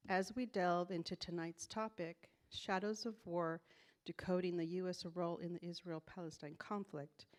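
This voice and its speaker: Breathless lady reading a formal speaker intro off a page, lowish voice, trips over words. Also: a little mellow. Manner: reads a prepared speech, stumbles and laughs at slips. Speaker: executive director introducing a speaker. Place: event hall.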